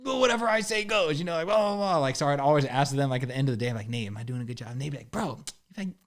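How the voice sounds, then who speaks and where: A young man talks easily as a podcast guest, in an ordinary middle pitch. He is laid-back and loose, leaning on "like" and "bro" and putting on little voices for the people he quotes. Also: lively intonation, rapid-fire. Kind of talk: casual chat.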